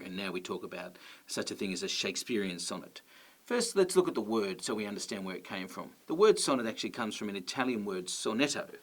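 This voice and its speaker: Man explaining poetry forms. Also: on the low side. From Australia. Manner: relaxed, friendly explaining with fillers. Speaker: teacher. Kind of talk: educational explainer.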